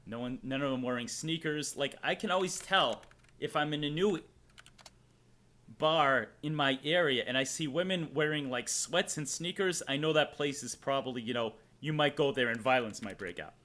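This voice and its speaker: A man's voice: medium pitch, moderate pace, pushed and bright. A young man with a Boston accent, hosting a livestream and rambling to his chat, swearing freely as he goes. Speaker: streamer host.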